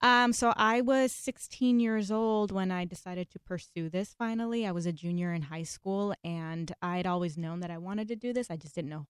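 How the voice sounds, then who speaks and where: A woman's voice: fairly low pitch, normal speed, few pauses, clear, resonant tone, no room sound, studio quality. A young woman from Los Angeles, a guest telling her story in a candid, chatty interview. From Los Angeles, USA. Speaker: guest actress. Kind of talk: casual podcast interview.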